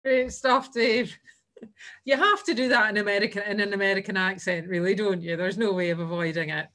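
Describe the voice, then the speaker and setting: A woman's voice: mid-range voice, steady tone, a little fast, fairly bright tone. A woman host casually introducing the next performers at an online folk club.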